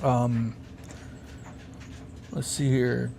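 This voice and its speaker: A man's voice: mid-range voice, little pitch movement, very slow, gravelly, darkish tone, a little hiss or hum. Rambling man on a live stream. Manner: rambling, thinking aloud, chuckling often. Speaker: live-stream host building a guitar amp. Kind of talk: casual live-stream chat, reading comments. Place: workshop bench.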